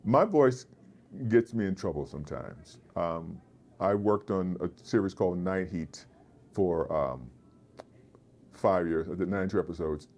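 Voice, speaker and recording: A man, an actor being interviewed, with a deep resonant voice, telling animated stories and slipping into voices. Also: measured pace. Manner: animated storyteller, slips into voices. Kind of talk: casual interview chat. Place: festival convention floor.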